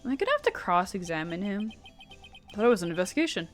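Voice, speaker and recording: A woman's voice: medium pitch, very animated, quick pace, no room sound, faint music behind. A woman streamer giving playful, chatty commentary while playing a game.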